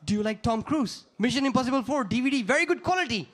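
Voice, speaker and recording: A man voicing a pushy male street seller of bootleg discs in hushed, wheedling patter. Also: very high voice, animated, fast talker, heavily acted.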